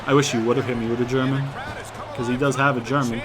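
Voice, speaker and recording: Rambling profane young gaming commentator. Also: male voice, mid-range voice, little pitch movement, fast talker, a crowd in the background. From outside the US. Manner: rambling, profane, bursts into loud exasperated outbursts. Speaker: gaming YouTuber. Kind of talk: casual let's-play commentary.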